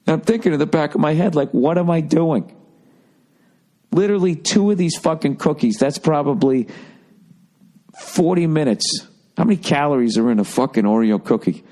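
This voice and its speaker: A man's voice: fairly high pitch, brisk, mellow. Profane, rambling man ranting to a podcast mic. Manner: profane, self-deprecating storytelling; loose, rambling, restarts mid-sentence. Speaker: podcast host. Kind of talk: casual comedic rant.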